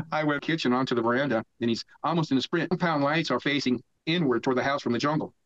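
A man's voice: medium pitch, fast talker, fairly bright tone. Older man telling a profane story. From United States. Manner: profane, rambling storyteller who laughs mid-story. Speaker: podcast guest. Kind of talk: casual storytelling. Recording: dull lo-fi dry sound.

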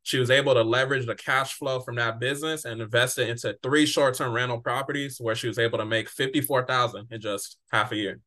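A man's voice: mid-range voice, steady tone, brisk, hardly any pauses, sharp tone. A man hosting a podcast, introducing and questioning his guest in a laid-back, encouraging way, often repeating words. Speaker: podcast host. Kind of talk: casual interview.

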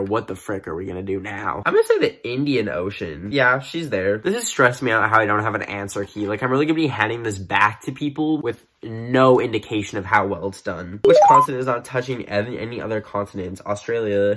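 Playful, self-mocking young man. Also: lowish voice. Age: 20s. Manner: playful, self-mocking, swings between loud outbursts and mumbled asides. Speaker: YouTuber. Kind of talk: casual vlog talk to camera. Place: room with bookcases.

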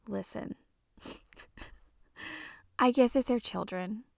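A woman's voice: fairly high pitch, vocal fry, darkish tone, no room sound. A woman in her thirties hosting a podcast, ranting casually and profanely with exasperation. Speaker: podcast host.

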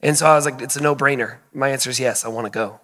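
Earnest guy chatting on a live stream, bright voice, lots of reverb, laughs a lot. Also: mid-range voice. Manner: earnest, laughs often, quick asides. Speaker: guest, missions school leader. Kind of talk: casual live-stream conversation. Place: indoor living room.

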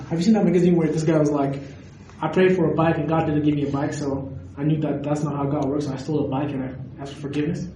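A man preaching a sermon, animated and questioning his audience directly. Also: on the high side, quick pace, slight background noise. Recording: echoey hall recorded from a distance.

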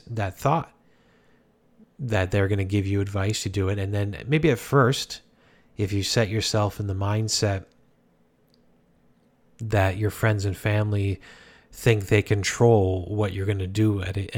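A man talking calmly through life advice in a casual, rambling way, often restarting his sentences. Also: fairly low pitch. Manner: calm, rambling, many restarts. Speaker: speaker giving life advice. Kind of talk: casual self-help talk.

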